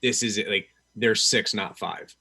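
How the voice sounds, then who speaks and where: A man's voice: fairly low pitch, steady tone, a little slow, vocal fry, pushed and bright, slightly rough. A man co-hosting a casual movie podcast, earnestly explaining points and raising new topics. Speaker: podcast co-host. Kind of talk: casual movie review chat.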